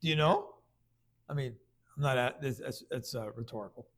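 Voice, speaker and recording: A man preaching a conversational sermon, stumbling over restarts and then rising into loud bursts of emphasis. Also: mid-range voice, moderate pace.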